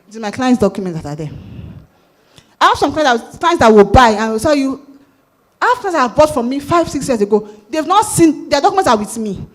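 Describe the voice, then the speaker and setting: A woman with a Nigerian accent giving a sales talk at a conference, lively and asking the audience questions. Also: sits high, fairly quick. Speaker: conference speaker. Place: conference hall.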